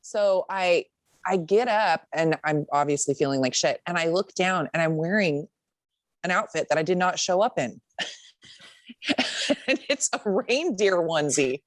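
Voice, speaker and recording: Speaking a little slowly in a lowish voice, this young adult woman recounts a story while co-hosting a podcast, and the recording is dry. The chat is casual, full of free swearing, with quotes acted out in a lively way.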